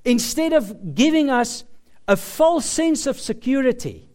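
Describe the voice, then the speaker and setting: A man preaching a sermon, slow and emphatic, with dramatic pauses. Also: very high voice, sing-song, a little mellow.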